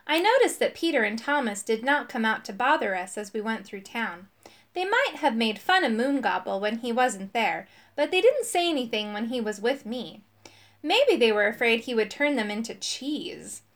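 A woman reading a children's storybook aloud, expressive and animated. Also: fairly high pitch, moderate pace. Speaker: audiobook reader.

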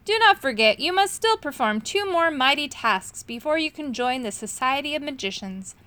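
A woman's voice: high voice, expressive, moderate pace, sharp tone, pitched above the performer's own voice. Woman voicing a sneering villain magician Foswad. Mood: smug. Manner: mocking, sneering.

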